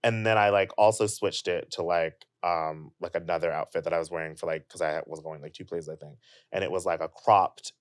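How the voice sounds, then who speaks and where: A man's voice: sits low, steady tone, fairly quick, dry recording, clean studio sound. A young adult man chatting casually as a podcast guest, rambling and filling his sentences with "like". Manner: rambling, heavy use of "like". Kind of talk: casual chat.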